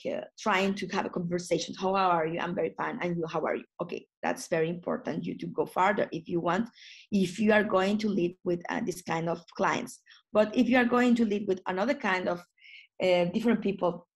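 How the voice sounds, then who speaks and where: A woman trainer leading an online lesson on phone English for tourism staff. She speaks in non-native phrasing with frequent restarts. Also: medium pitch. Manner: lively teaching, acts out short phone dialogues.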